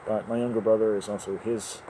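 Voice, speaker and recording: A man's voice: fairly low pitch, little pitch movement, a little fast. A man rambling and joking to himself as he walks home by a river at dusk, often breaking into laughter. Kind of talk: rambling monologue while walking. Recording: noisy outdoor ambience.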